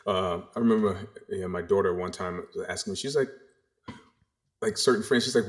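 A middle-aged man from the American South with a faint Southern accent, telling stories in a casual interview, rambling and animated with frequent restarts. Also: sits low, brisk. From the Carolinas, US South. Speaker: podcast guest.

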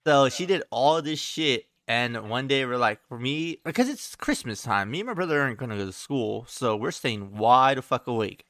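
A young podcast co-host with a mid-range, animated, slightly bright voice tells a childhood story at a moderate pace, barely pausing, with no echo. His casual storytelling is loose and profane, packed with "like" and "he's like."

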